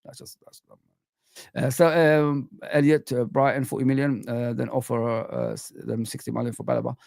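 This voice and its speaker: A man's voice: medium pitch, little pitch movement, moderate pace, gravelly, darkish tone, no room sound, clean studio sound. A young man hosting a casual live stream, reading out the chat and giving blunt, slangy football opinions. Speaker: livestream host reading chat.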